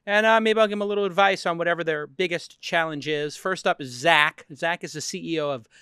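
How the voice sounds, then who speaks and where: A man hosting a studio talk show, joking and bantering with his guests before the pitches. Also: fairly quick, bright, forceful tone, smooth, dry recording. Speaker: podcast host.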